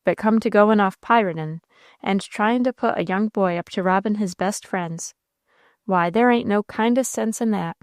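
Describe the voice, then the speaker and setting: Storybook role: woman doing a grizzled, good-hearted old sea captain, slow folksy dialect, mid pitch, dry and close. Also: no echo, lightly acted. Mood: confidential. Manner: folksy rural dialect, drawn-out and confidential. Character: gruff, kindly old male sea captain.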